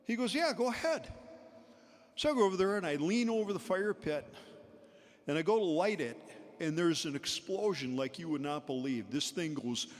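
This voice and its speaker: A man's voice: fairly high pitch, moderate pace. A man giving a storytelling eulogy at a memorial service, chuckling between anecdotes. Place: large indoor pavilion. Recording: long hall reverb in a large venue.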